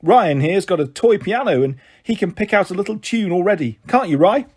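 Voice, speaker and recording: A man's voice: high voice, expressive, a little fast, a little mellow, breathy edge. A man doing an evasive runaway dad. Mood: jolly. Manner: breezy, offhand, awkward. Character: casual, evasive father who walked out. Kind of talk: audiobook character voice.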